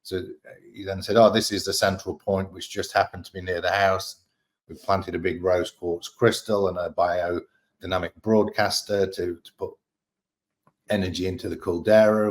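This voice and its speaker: An Australian man chatting as a guest, relaxed and candid, swearing freely as he tells stories. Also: low voice. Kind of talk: casual storytelling chat.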